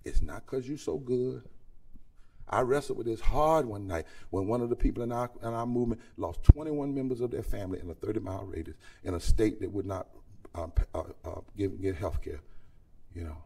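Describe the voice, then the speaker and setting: A man's voice: lowish voice, a little fast, creaky, a little mellow, slight background noise. A man preaching a sermon-style address at a conference, calling out to the audience and building to near-singing peaks. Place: large conference hall. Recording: voice picked up from far off the mic.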